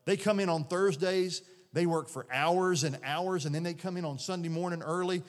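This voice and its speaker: A man's voice: sits high, normal speed. A middle-aged male pastor preaching an earnest, conversational sermon in a church, often restarting his phrases. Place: church sanctuary. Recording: long reverb of a large hall.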